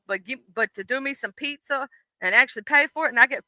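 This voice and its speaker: A woman's voice: on the high side, fast, pushed and bright, dry recording, low-quality recording. A woman with a Southern US accent hosting a casual livestream, talking bluntly and with plenty of swearing to her chat. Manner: blunt, profane, talks straight to chat. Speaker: livestream host.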